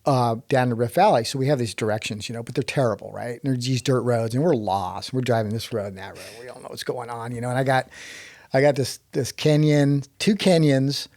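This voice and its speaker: A man from Texas, a podcast guest telling a lively story, often laughing and restarting his sentences. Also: mid-range voice, a little fast, no echo. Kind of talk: animated storytelling.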